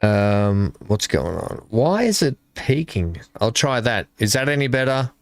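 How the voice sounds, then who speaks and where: A man hosting a live stream, talking casually and haltingly into his desk microphone while he fixes his audio. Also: mid-range voice, very animated, no echo, studio quality. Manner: halting, mumbling, fixing his mic. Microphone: desk microphone with filters.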